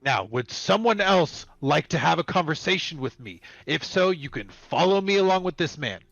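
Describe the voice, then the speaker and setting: A man's voice: on the high side, expressive, moderate pace, vocal fry, a bit bright, no room sound. A man playing his character in a tabletop game, firm and commanding in character. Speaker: player. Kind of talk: in-character tabletop role-play. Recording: slightly dull voice chat audio.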